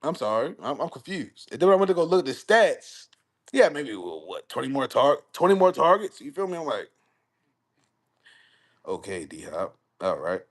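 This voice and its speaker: A man's voice: a little high, very animated, fairly quick. A young man, hosting a live stream. He talks casually about football, swears freely, and rambles through repeated phrases as he reacts to his chat.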